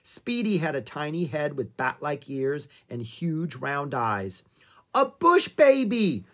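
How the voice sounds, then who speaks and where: An audiobook reader narrating a children's book in an expressive, lilting way. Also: medium pitch, measured pace.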